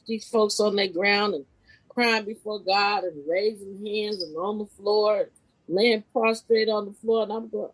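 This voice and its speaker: A woman guesting on a podcast as a spiritual life coach, telling a personal story casually and expressively, her voice leaping high at the big moments. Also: slightly rough, low-quality recording. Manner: animated, expressive retelling with sudden pitch leaps; casual, informal phrasing with restarts.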